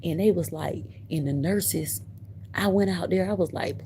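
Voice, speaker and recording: Slow-talking woman telling a story. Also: lowish voice, vocal fry, background noise. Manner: emphatic, repeats herself, laughs between lines. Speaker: livestreamer. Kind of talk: casual livestream storytelling.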